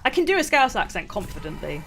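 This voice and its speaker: A woman co-hosting a casual gaming livestream, chatty and quick to laugh. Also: mid-range voice, sing-song, gravelly, fairly bright tone, slight background noise. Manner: giggly, chatty, laughs often. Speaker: stream co-host. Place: gaming livestream with game music behind.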